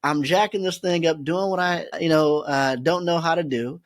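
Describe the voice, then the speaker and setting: Male podcast guest, storyteller who laughs easily, pitch a bit high. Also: moderate pace. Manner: laughs often while telling stories. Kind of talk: animated storytelling.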